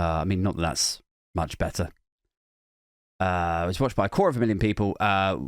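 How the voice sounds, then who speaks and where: A man hosting a podcast, riffing sarcastically in a rambling comedy monologue that swings from mock outrage to low muttering. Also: dry recording, clean studio sound. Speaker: podcast host.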